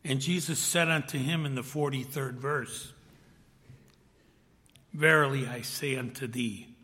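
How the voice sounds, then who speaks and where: A man preaching a sermon, reading scripture aloud, rising to loud emphatic peaks and dropping to soft hushed whispers. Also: medium pitch, fairly even intonation. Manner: slow, swells loud then drops to a hushed whisper. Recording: long hall reverb.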